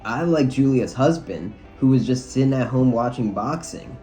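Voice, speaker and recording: A man's voice: medium pitch, animated, moderate pace, warm tone, faint music behind. A man giving a casual video review of a film, talking loosely and frankly with lots of "like" and some swearing. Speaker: movie reviewer.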